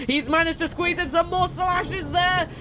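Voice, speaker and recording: A woman with a notably high voice narrates a game duel live. She talks in an excitable, sports-style play-by-play manner, keeping the commentary rolling as a stream co-host. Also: normal speed, a little hiss or hum.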